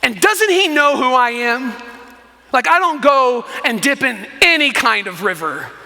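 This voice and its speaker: A man's voice: very high-pitched, lively intonation, measured pace, gravelly, bright, forceful tone, big-room sound, full character voice. A man preaching who voices a proud, offended army commander in a huffy, indignant way.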